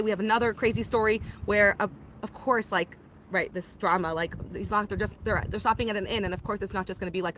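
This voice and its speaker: A woman teaching a weekly Torah class, retelling the story in a lively, animated way and acting out the characters' lines. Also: mid-range voice, noisy background.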